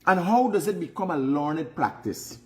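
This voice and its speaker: A man's voice: on the high side, animated, normal speed, a little mellow. Frank Guyanese man giving life advice. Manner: frank, preachy, repeats phrases for emphasis. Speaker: host. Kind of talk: casual advice monologue.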